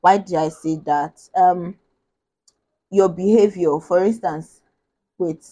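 A woman's voice: fairly low pitch, steady tone, takes it slowly, dark tone, rough recording. A woman from Nigeria hosting a podcast in casual chat. She is bubbly, laughs often and thinks aloud with many restarts. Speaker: podcast host.

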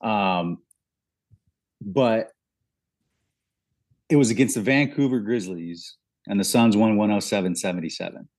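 A young man co-hosting a podcast, telling stories excitedly and saying "like" and "dude" constantly. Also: fairly low pitch, measured pace, pauses often, no room sound. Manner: excitable, heavy use of "like" and "dude". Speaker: podcast co-host. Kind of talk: casual chat.

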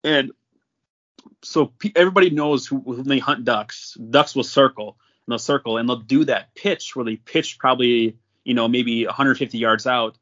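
A man's voice: medium pitch, moderate pace. Man telling a story, lo-fi audio. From North Dakota. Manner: animated, laughs often while telling. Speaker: podcast guest. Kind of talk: casual storytelling. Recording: slightly muffled lo-fi audio.

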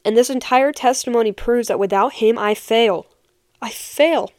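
A woman's voice: fairly high pitch, moderate pace, a little mellow, dry recording, clean studio sound. A young woman and podcast host giving a heartfelt personal faith testimony, speaking earnestly and repeating key phrases for emphasis.

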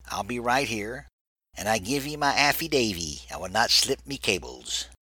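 A man's voice: lowish voice, moderate pace, sharp tone, poor audio. A man voicing a young male sailor, loyal and playful, who sometimes slips into mock-pirate talk. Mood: pirate joking.

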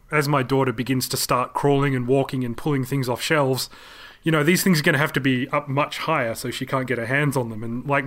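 A man's voice: mid-range voice, fairly bright tone. Chatty man, rambling podcast host. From Australia. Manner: rambling, self-mocking, laughs easily. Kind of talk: casual chat.

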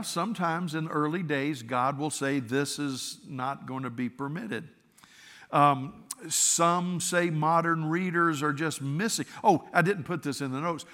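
Guy preaching a sermon, bright punchy voice, stumbles and restarts a lot, long echo like a big church hall. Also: fairly high pitch. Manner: earnest, conversational with stammered restarts. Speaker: pastor.

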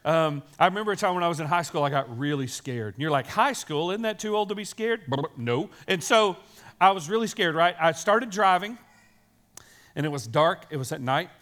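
A man's voice: fairly high pitch, lively intonation, fairly quick, fairly bright tone. A man, a pastor, giving a sermon in a chatty storytelling way, often checking in with the listeners. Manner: conversational storytelling with frequent "right?" asides; addresses children in the congregation.

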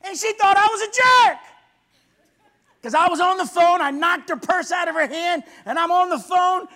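A man preaching a fiery sermon in church, swinging from low intense murmurs to loud shouts. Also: normal speed.

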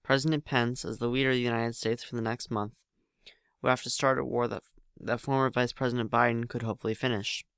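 Guy reading a story out loud, clear smooth voice, trips over words sometimes. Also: medium pitch, flat delivery, fast, no room sound, clean studio sound. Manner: plain reading with frequent slips and restarts. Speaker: narrator. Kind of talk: amateur read-aloud story narration.

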